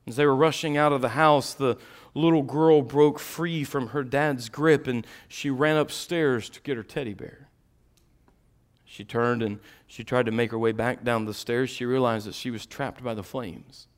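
A middle-aged man preaching a sermon, swinging between quiet, intimate asides and loud, impassioned peaks. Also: mid-range voice, fairly even intonation, moderate pace.

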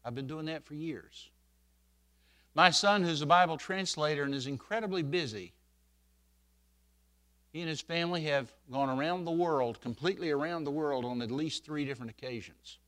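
Folksy older man preaching, bright voice. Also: fairly high pitch, normal speed. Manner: folksy storytelling, swells loud on scripture quotes. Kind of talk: sermon.

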